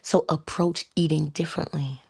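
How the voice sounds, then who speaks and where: A woman's voice: deep voice, fairly even intonation, normal speed, gravelly, a little mellow, breathy edge. A woman giving an inspirational talk in a conversational way, often asking rhetorical questions. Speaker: motivational speaker.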